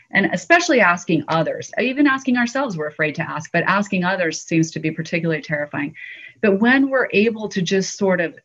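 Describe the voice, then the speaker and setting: A woman guest author tells a story in an interview and acts out each quoted line. She talks at a middle pitch, and the sound is muffled and lo-fi. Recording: dull lo-fi audio.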